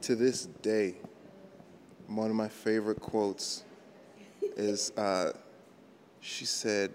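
A man's voice: lowish voice, fairly even intonation, slow pace, pauses often, a little hiss or hum. A man, a comedian guest, chatting casually and rambling through anecdotes between laughs. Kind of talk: casual chat.

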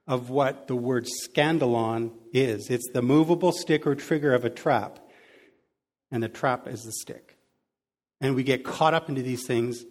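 A man preaching a sermon in a conversational way, adding lively sound effects to his examples. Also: mid-range voice. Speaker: pastor. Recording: long hall reverb.

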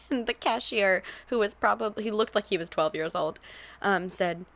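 A woman's voice: medium pitch, moderate pace, fairly bright tone. A young woman co-hosting a podcast, reminiscing with her partner, laughing often and swearing casually. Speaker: podcast co-host.

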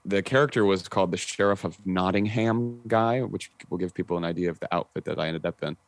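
A man's voice: low voice, a little fast, dry recording. A young adult man, a podcast guest and actor, telling stories in casual chat, acting out quotes with lots of "like" and the odd swear word. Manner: animated storyteller, acting out quotes, frequent "like" and swearing.

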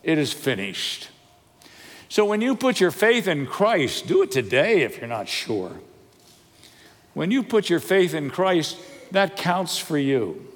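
Older pastor preaching in a reverberant hall. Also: male voice, a little high, unhurried. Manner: lively storytelling with humor and questions to the congregation. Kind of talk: sermon. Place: church sanctuary. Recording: long reverb of a large hall.

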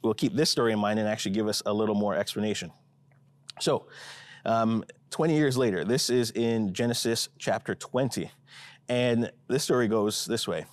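A male pastor gives a relaxed, chatty sermon and reads scripture aloud. His voice sits fairly low. It is recorded close and dry, with very little room sound. He keeps checking in with his listeners and grows animated as he puzzles over the story. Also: moderate pace, no echo. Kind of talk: conversational sermon with scripture reading.

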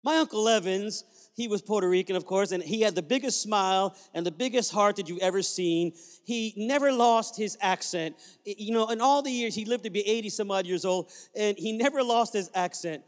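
A man's voice: high-pitched, brisk. A man preaching a sermon as pastor, telling family stories with sudden joyful whoops. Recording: long reverb of a large hall.

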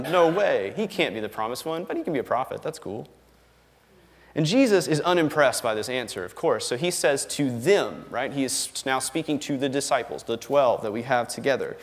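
A man preaching a sermon in a conversational, emphatic way, often checking in with "right?" and chuckling. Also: on the high side. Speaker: pastor. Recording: long reverb of a large hall.

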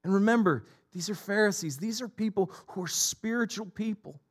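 A man's voice: high-pitched, fairly quick. A middle-aged man preaching a sermon as a pastor, emphatic and repetitive in his delivery.

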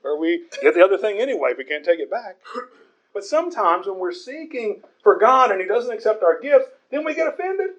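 A man's voice: high-pitched, very animated, fairly quick, fairly bright tone, highs cut off. A man preaching a conversational Bible sermon in an earnest way, often stumbling over repeated words.

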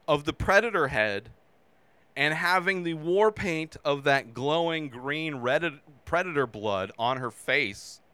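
A man hosting a movie review show in a bright, smooth, fairly high voice. He talks at an unhurried pace but swings widely in pitch, bursting into shouts as he acts out his own reactions. The sound is dry and close. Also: dry recording. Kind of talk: casual spoken movie review.

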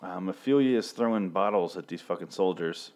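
Irreverent man in his thirties, low voice. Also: brisk, darkish tone. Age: 30s. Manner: rambling and irreverent, with frequent swearing and self-interruptions. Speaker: podcast host reviewing a TV show. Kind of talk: casual, profane solo commentary. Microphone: studio mic with pop filter.

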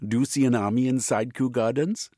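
A sly male villain, acted by a man reading a story, loud and raised above his own low voice. He gloats and gives orders with theatrical menace, in a husky tone. The recording is close and dry. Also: fairly even intonation, fairly quick, no echo, lightly acted. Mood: smug. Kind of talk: audiobook character reading.

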